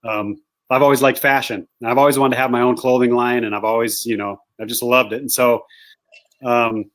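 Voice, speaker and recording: Man, interview guest, hunting guide, animated storyteller, rambling, medium pitch. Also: fairly quick. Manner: animated, rambling anecdote teller. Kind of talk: casual storytelling.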